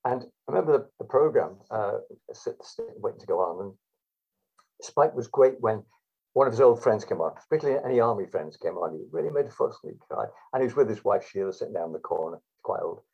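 A man tells anecdotes as a guest, rambling and hesitant. His voice is lowish, gravelly and husky. The recording is dull and lo-fi. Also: animated, fast talker, darkish tone. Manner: rambling, hesitant, many fillers. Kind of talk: anecdotal storytelling.

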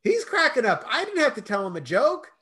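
A man's voice: very high-pitched, a little fast. A middle-aged man, a guest in an interview, telling stories expressively and acting out the dialogue. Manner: expressive storyteller, acts out dialogue. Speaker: guest, self-love coach. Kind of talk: animated conversational interview.

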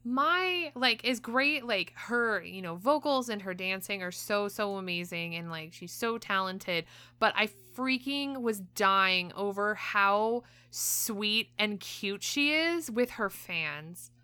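A woman's voice: mid-range voice, expressive, slow, few pauses, sharp tone, smooth. A young woman co-hosting a podcast, chatting in a gushing, filler-heavy way. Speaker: podcast co-host. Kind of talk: casual chat.

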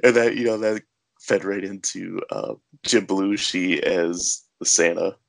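A man's voice: low voice, unhurried, creaky. A man hosting a podcast, chatting casually about a film with fillers and easy laughter. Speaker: podcast host. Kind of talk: casual movie discussion.

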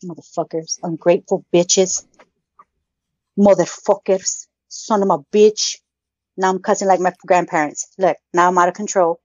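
A woman's voice: on the low side, steady tone, normal speed, darkish tone, no room sound. A woman co-hosting a podcast, swearing constantly and ranting in mock anger in casual chat. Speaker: podcast co-host. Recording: dull lo-fi sound.

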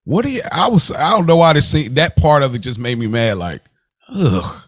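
A man's voice: mid-range voice, very animated, dry recording, studio quality. A man co-hosting a podcast, chatting casually and laughing often as he reviews a TV episode. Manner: laid-back, slangy, laughs often, quick restarts. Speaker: podcast co-host.

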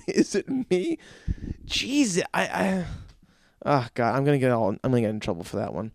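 A man's voice: mid-range voice, sing-song, moderate pace, vocal fry, dry recording, studio quality. A man giving a stand-up comedy rant, profane and exasperated.

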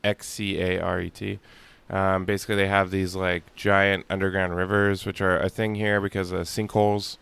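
A man's voice: deep voice, level tone, normal speed, creaky, a bit bright, clean tone. A male podcast host chatting casually from a hotel room on vacation, telling a rambling story with lots of fillers. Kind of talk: casual chat.

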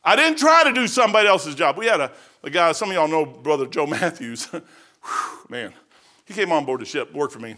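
A middle-aged man preaching a sermon in a folksy storytelling way, swinging between loud emphatic bursts and quieter asides. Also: on the high side, big pitch swings, a little fast. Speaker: pastor.

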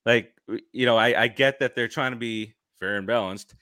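A man hosts a loose sports podcast with a bright, forceful voice. He rambles and restarts his sentences. The sound is dry and close. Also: mid-range voice, moderate pace, no room sound. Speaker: podcast host. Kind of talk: casual sports chat.

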